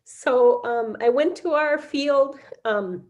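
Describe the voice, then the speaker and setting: A middle-aged woman telling a personal story in a halting way, with many fillers and restarts. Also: high-pitched, darkish tone. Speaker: interviewee. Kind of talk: casual storytelling.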